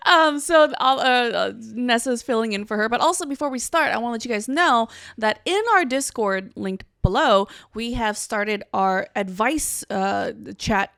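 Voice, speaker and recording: A woman hosting a comedy podcast in casual chat, brash and profane, quick to laugh. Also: a little high, fairly bright tone, clear, resonant tone, dry recording, clean studio sound. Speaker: podcast host.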